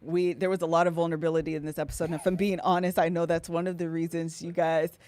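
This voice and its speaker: A woman's voice: lowish voice, flat delivery, quick pace, darkish tone. A woman co-hosting a podcast, talking casually and loosely on a live stream. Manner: chatty, loose and informal. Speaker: podcast co-host.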